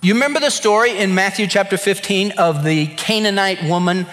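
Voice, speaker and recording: A man preaching a sermon as a pastor, swinging from hushed to loud as he acts out voices from Bible stories. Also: high voice, fairly quick, soft background music. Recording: long reverb of a large hall.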